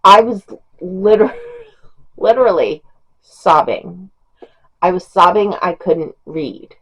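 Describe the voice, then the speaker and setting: A woman's voice: fairly low pitch, animated, slow, slightly rough, rough recording. A middle-aged woman chatting casually as a book reviewer, rambling with fillers and small laughs. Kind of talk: casual chat.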